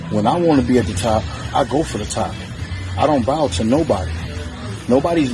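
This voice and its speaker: Brash man, cursing trash-talk rant, mid voice, backing music clearly audible. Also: mid-range voice. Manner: profane, boastful and defiant. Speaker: challenger in a strength feud. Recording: music playing under the voice.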